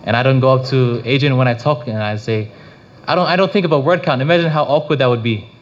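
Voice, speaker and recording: A man gives a casual devotional talk, his delivery loose and rambling, tripping over restarts and leaning on filler phrases. His voice sits at an ordinary middle pitch. The recording sounds a little dull and lo-fi. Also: fast. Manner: rambling, full of restarts and "you know".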